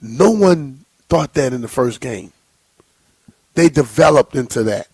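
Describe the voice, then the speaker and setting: A man's voice: medium pitch, lively intonation, measured pace, a little mellow, slightly rough, no echo. Blunt, teasing male radio co-host. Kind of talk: casual sports radio talk. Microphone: studio microphone.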